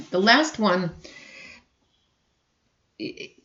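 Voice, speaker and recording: A woman college instructor talks through a recorded lecture at a medium pitch. She keeps clearing her throat and circling back to restart her sentences. The recording sounds dull and lo-fi, with the top end rolled off. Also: expressive, extremely slow, fairly bright tone, reverberant.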